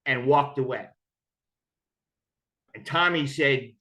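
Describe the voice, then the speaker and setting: A man's voice: fairly high pitch, normal speed, fairly bright tone. A man telling his own story of recovery in a candid, conversational way. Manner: candid, conversational, acts out quoted voices. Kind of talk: personal storytelling.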